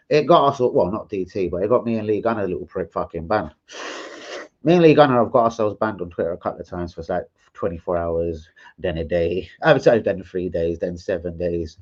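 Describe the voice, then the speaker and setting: A man, ranting and joking with plenty of swearing on a casual live stream, mocking and animated. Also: sits low, husky. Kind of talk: casual livestream rant. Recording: dull lo-fi stream audio.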